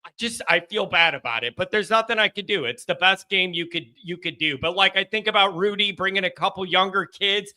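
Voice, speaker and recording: A man's voice: high voice, pushed and bright. A man hosting a call-in sports show, rambling casually and joking about himself. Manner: rambling, self-deprecating, quick laughs. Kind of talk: casual sports talk monologue.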